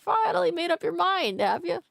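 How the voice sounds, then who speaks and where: A woman voicing a doting old man who runs a pasta shop, in a creaky, pitched-up old-man voice. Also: very animated, brisk, no room sound, full character voice.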